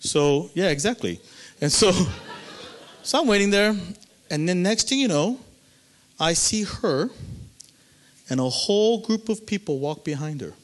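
A male pastor telling a story in a sermon, animated and swinging between loud and hushed. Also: high-pitched, measured pace, pauses often.

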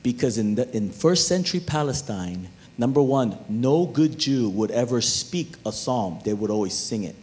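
A man preaching a sermon as pastor, animated and talking straight to his listeners, even humming tunes to make a point. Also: medium pitch, normal speed, hardly any pauses. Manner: animated preaching, talks to the crowd.

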